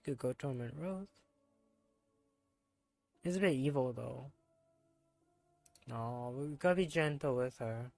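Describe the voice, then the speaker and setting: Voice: medium pitch, slow pace, vocal fry, long pauses, darkish tone, no echo, soft background music. A streamer chatting casually while gaming, thinking aloud with fillers.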